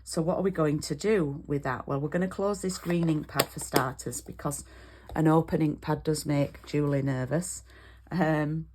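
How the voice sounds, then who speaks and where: A woman's voice: low voice, fairly even intonation, normal speed, a little mellow, a little hiss or hum. A British woman demonstrating card making in an online class, chatty and step by step, checking in with "okay?" as she goes.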